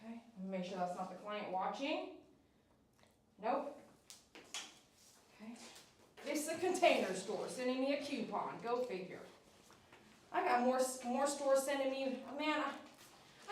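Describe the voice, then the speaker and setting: Woman groomer, fairly high voice, gentle coaxing tone, mic set back from her, faint clipper hum behind. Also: normal speed, pauses often. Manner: coaxing and soothing toward the dog, chatty asides to viewers. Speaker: dog groomer. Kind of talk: live-streamed grooming chat. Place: grooming salon, indoors. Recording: echoey room, mic at a distance.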